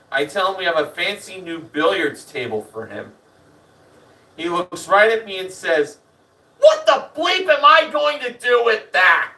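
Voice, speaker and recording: A man reading a first-person memoir aloud as a lively storyteller. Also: on the high side, far from the mic, poor audio. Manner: lively storyteller, animated in the punchlines. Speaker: reader.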